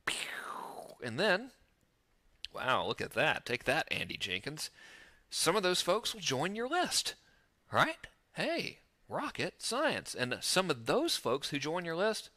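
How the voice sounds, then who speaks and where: A man giving a casual, joking marketing lesson to camera, self-mocking and animated, recorded overlooking the ocean. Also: a little high, a little slow. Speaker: internet marketing teacher.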